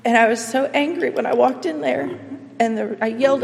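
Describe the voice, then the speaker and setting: A woman giving a personal faith testimony, earnest and emotional, speaking in halting phrases with pauses. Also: sits high, vocal fry, a little hiss or hum. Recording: long reverb, as in a large hall.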